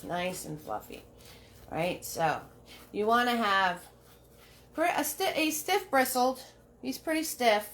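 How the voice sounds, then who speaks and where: A woman's voice: a little high, very animated, slow, pauses often, fairly bright tone, a little hiss or hum. A woman giving a live painting lesson, chatting with viewers by name and repeating each step with a frequent "right?". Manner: repeats steps, asks "right?" often. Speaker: painting instructor.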